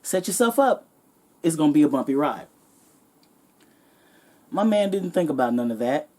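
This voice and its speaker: A woman vlogger telling a comedic story in a sassy, animated, profane way. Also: sits low, moderate pace.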